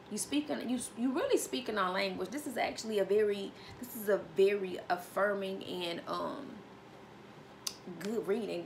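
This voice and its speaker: A woman's voice: mid-range voice, creaky, a little hiss or hum. A woman giving a casual tarot reading, emphatic and sassy, repeating key phrases and calling the listener honey. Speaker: tarot reader.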